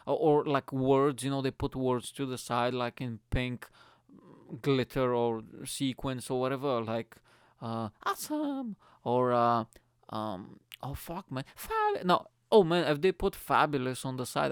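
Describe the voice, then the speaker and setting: A man, a comedian telling a crude, animated story in casual chat, swearing often and laughing as he talks. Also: mid-range voice, measured pace, smooth, dry recording, studio quality. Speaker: comedian host.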